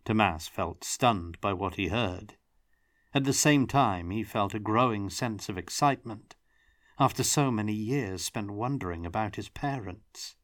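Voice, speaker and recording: Low-voiced male storybook narrator. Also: unhurried, a bit bright, dry recording, clean studio sound. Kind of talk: audiobook narration.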